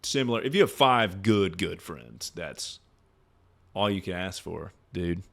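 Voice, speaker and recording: A man's voice: low-pitched, expressive, measured pace, creaky, a bit bright. A young man streaming, giving casual, rambling, profane advice to his chat and laughing often.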